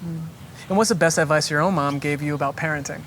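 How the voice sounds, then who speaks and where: An interviewer asking brisk, friendly quick-fire questions in a casual chat. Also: mid-range voice, fairly even intonation, a bit bright, a little hiss or hum.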